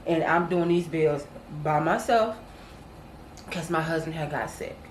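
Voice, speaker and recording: Casting note: lower-voiced woman, earnest storyteller, echoey room with a faint hiss. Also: unhurried. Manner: earnest storytelling, acts out quoted voices, addresses viewers as y'all. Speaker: co-host. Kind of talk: casual testimony chat.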